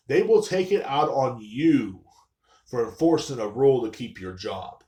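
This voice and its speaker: A man talks in a loose, rambling rant on his own live-streamed podcast, swearing constantly. His breathing is labored and audible, and his pitch sits in the ordinary middle range for a man. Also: expressive, normal speed, dark tone. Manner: profane, rambling, mocking. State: short of breath. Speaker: podcast host. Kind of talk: casual rant. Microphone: live stream mic.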